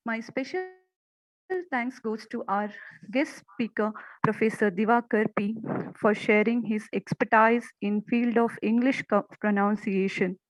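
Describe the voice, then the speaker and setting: This is a woman professor giving a formal vote of thanks. Her voice sits slightly high, and she recites names and titles in measured order. The sound is dry and close. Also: no room sound, rough recording.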